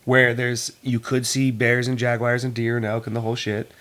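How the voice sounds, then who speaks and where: A man co-hosting a casual podcast, teasing and quick with jokes. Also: medium pitch, level tone, a bit bright. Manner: teasing, quick, laughs often. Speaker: podcast co-host. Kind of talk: casual chat.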